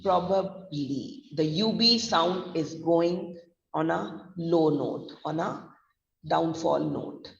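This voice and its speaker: A man with a Gujarati accent teaching pronunciation, spelling each word out letter by letter and repeating it slowly. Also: on the high side, gravelly. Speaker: pronunciation trainer. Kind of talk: online pronunciation lesson. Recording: distant, echoey, dull lo-fi room sound.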